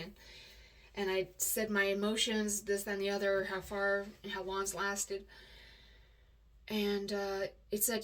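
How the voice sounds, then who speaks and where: A woman's voice: medium pitch, level tone, a little slow, pauses often, far from the mic. A woman telling a personal story in a candid, emotional way, rambling and often restarting her sentences.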